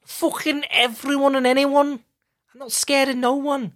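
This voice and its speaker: A man doing an impression of a brash, aggressive young fighter with a Scouse accent, with shouty, menacing boasts. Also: very high-pitched, little pitch movement, normal speed, pitched above the performer's own voice.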